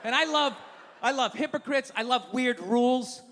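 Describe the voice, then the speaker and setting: A man performing stand-up comedy, ranting with profanity and loud outbursts. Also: extremely high pitch, moderate pace. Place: comedy venue stage. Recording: live show in a large hall with audience.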